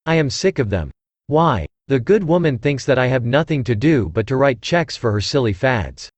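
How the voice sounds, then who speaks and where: A synthesized male voice reading the part of a gruff, blustering old aristocratic uncle who grumbles bluntly. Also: medium pitch, sing-song, normal speed, no echo. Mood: grumbling. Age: older.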